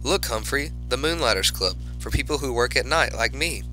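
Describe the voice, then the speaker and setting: A man's voice: mid-range voice, animated, normal speed, sharp tone, soft background music, low-quality recording. A man voicing a friendly, curious adult male night custodian in a storybook reading, speaking in surprised, musing exclamations.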